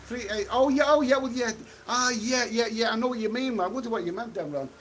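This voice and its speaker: A middle-aged man with a fairly high voice chats bluntly through a street livestream, answering viewers as he goes. Faint traffic hums behind him in the open air, and he snaps quickly at anyone who needles him. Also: a bit bright. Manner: blunt, chatty, quick to snap at trolls. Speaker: travel vlogger reading live chat. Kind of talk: casual livestream chat. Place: outdoors on a city street.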